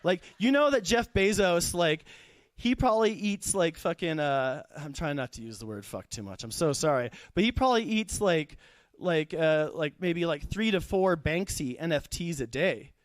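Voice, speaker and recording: A man's voice: on the high side, lively intonation, moderate pace, dry recording. A young man performing a stand-up comedy set at a live show, rambling, profane and losing his thread.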